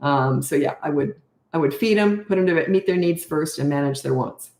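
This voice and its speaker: A woman's voice: sits low, fairly quick, a little mellow, roomy sound. An older woman and parenting coach answering viewer questions in a frank, blunt, self-mocking way.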